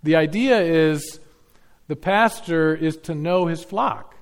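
Here the pastor's voice is creaky and fairly high in pitch as he preaches an expository sermon. Earnest in his teaching, he leans on repeated key phrases and takes the scripture readings slow and deliberate.

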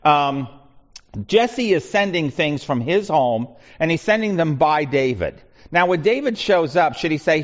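A man's voice: fairly high pitch, expressive, measured pace. A man leading a Bible study, talking conversationally with frequent restarts and asides. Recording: muffled lo-fi recording.

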